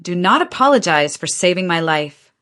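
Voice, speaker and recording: Woman reading calm, dignified older woman in her seventies, steady firm delivery. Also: on the low side, normal speed.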